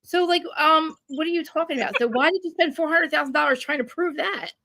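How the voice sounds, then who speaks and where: A woman ranting in casual chat, animated and profane, with many restarts. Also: high voice, dry recording. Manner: rapid, profane, animated rant with frequent restarts. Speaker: guest commentator. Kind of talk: casual chat recapping a reality show.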